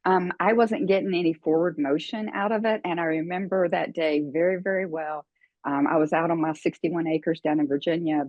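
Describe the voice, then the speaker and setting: An older woman as an interview guest, telling her story earnestly, with many fillers and pauses. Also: lowish voice, steady tone, dry recording, muffled recording. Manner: earnest, emotional, halting with fillers.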